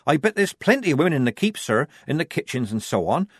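A man's voice: fairly high pitch, sing-song, quick pace, slightly rough, no echo, studio quality, pitched above the performer's own voice. A man voicing a young woman disguised as a keen boy private, speaking in a raised, eager, dutiful way.

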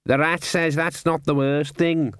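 A fussy talking raven, put on by a man reading aloud, pitched up above a plain speaking voice and eager to share trivia. It sounds nervous and lecturing, with a dry, close sound and no room around it. It is a storybook bird with a pompous streak. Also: little pitch movement, measured pace, smooth, no echo, natural voice.

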